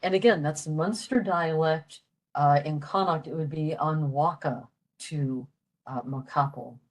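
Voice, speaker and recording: An older woman presents a library session on language learning in a low, unhurried voice. She repeats each phrase slowly and pauses often with gentle fillers. She originally comes from western Pennsylvania.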